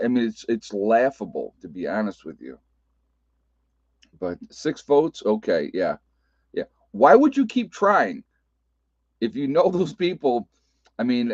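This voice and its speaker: A man with an Appalachian American accent hosts a casual livestream in a medium-pitched, darkish voice with no room sound. He talks loosely, laughs often and keeps restarting sentences, all over dull lo-fi webcam audio.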